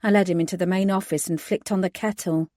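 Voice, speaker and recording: A woman reading a first-person audiobook in a steady, measured voice. She lands the heroine's lines with clear emphasis. The sound is dry and close, with no room echo. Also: on the low side. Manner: measured narration with emphatic dialogue. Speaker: audiobook narrator.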